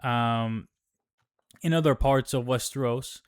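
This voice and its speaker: A man's voice: mid-range voice, slow, clean tone. A man giving a casual TV episode recap, rambling and swearing with plenty of fillers. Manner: rambling, profane, many fillers. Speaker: recap host.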